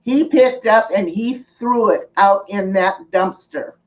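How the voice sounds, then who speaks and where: A woman streamer telling a personal story in casual, unhurried speech, earnest in tone and pausing to thank viewers. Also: mid-range voice. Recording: distant, dull lo-fi mic.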